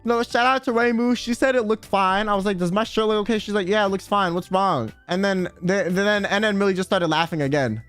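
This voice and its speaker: High-voiced young man telling stories on stream. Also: clear, resonant tone, faint music behind. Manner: animated, swearing, quick filler-heavy retelling with acted quotes. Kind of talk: casual storytelling on stream.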